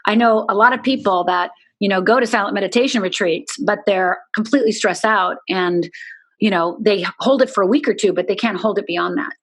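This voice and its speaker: A middle-aged woman, a guest in an interview, telling a deeply personal story in an earnest, candid way with many "you know"s. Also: brisk, fairly bright tone.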